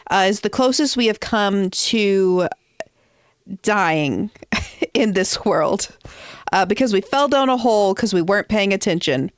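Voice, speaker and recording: A woman's voice: mid-range voice, expressive, unhurried, clean tone, no echo, studio quality. A woman streamer chatting casually while playing, thinking aloud with hesitant ums. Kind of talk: casual gameplay stream chat.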